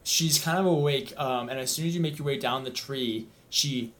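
A man narrating a tabletop game as game master, easygoing and unhurried, with frequent fillers. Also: medium pitch, a bit bright, poor audio. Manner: easygoing, lots of "um", unhurried scene-setting.

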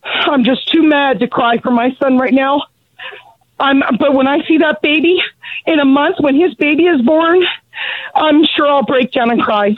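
A middle-aged woman, out of breath from pacing, speaks angrily and bluntly with halting restarts about losing her son. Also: high-pitched, no echo. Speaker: grieving mother of a fallen Marine, calling in. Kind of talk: emotional phone testimony. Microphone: telephone. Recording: tinny, dry phone line.

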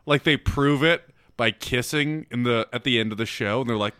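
A man's voice: mid-range voice, normal speed, hardly any pauses, sharp tone, clear, resonant tone, dry recording, clean studio sound. A man co-hosting a podcast, joking crudely and cutting in with sarcastic remarks. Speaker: podcast co-host. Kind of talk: casual podcast banter.

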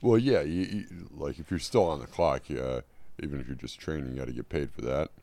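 Very deep-voiced rambling man. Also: brisk, warm tone, no room sound. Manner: rambling, hesitant, many fillers and restarts. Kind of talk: casual comedy podcast chat.

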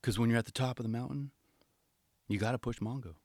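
A man putting on an earnest, soft-spoken skater who talks about skating with deep reverence, slow and hushed. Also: no room sound, lightly acted. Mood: reverent.

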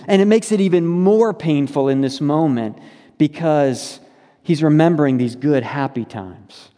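Guy preaching in a church, kinda high voice, chatty and earnest, lots of "like" and "you know", hall echo. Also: a little slow, warm tone. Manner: conversational, earnest, many fillers. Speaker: pastor. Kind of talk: sermon. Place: church sanctuary.

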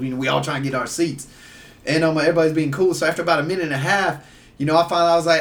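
Casual guest, male, higher voice, slightly off-mic, tells long stories with lots of "um, uh". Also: rapid-fire, far from the mic. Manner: rambling, animated storytelling with lots of fillers. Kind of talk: casual storytelling.

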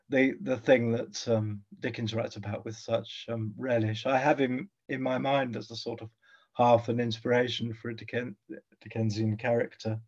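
A man talks as a guest expert in an interview, musing and pausing often as he thinks aloud. His voice sits in a middle register. The recording sounds a little dull and lo-fi. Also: medium pitch, a little mellow. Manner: thoughtful, hesitant, with frequent fillers. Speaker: guest historian. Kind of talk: conversational interview.

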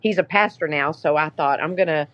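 A woman's voice: low voice, brisk, dull audio. A woman guest on a podcast, telling a story in a casual, chatty way with many fillers. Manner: chatty, lots of "you know" fillers. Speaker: podcast guest, app founder.

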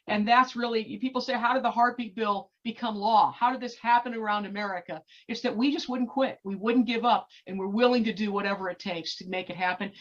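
Animated woman telling a story, lo-fi. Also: a little high. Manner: animated, many repeated restarts. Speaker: activist guest. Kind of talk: storytelling interview. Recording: dull lo-fi recording.

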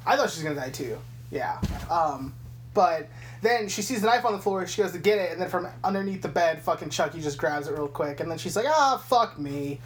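A woman's voice: lowish voice, fairly quick, a little hiss or hum. Young woman casually recapping a film. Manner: animated retelling, swearing, acting out lines. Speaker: podcast co-host.

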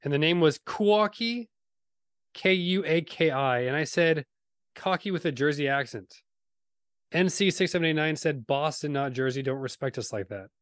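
A man's voice: on the high side, animated, moderate pace, smooth, no room sound. A man co-hosting a casual podcast chat, reading out posts and trading dry jokes. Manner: dry, joking delivery. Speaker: podcast co-host.

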